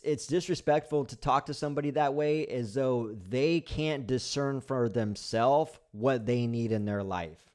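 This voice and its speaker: A man hosting a casual live stream responds to chat comments and bluntly takes apart sayings, repeating himself with lots of fillers and restarts. He has a mid-range, slightly mellow voice with lively intonation and a moderate pace.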